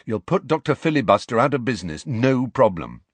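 A man voicing a teenage boy who speaks quietly and with amusement. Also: mid-range voice, sing-song, brisk, husky, dry recording. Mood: quietly amused. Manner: quiet, grinning.

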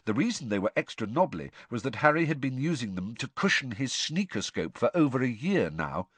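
Expressive male audiobook narrator. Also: medium pitch, a little fast, slightly rough, no room sound. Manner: expressive storytelling. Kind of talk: scripted narration.

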